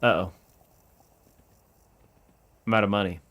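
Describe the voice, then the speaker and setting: A man giving casual let's-play commentary as he streams a game, excitable and yelling at the characters in mock outrage. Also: lowish voice, takes it slowly.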